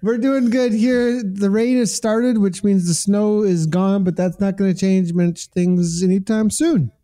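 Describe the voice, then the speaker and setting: A man's voice: sits high, steady tone, unhurried, dark tone. A man co-hosting a podcast, easygoing and a bit hesitant in casual chat. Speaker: podcast co-host.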